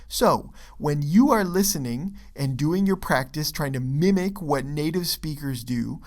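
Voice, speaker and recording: A man's voice: a little high, lively intonation, measured pace, a little mellow. A man teaching English pronunciation in a recorded video lesson, explaining step by step and checking in with "okay" and "right.". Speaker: English test prep teacher.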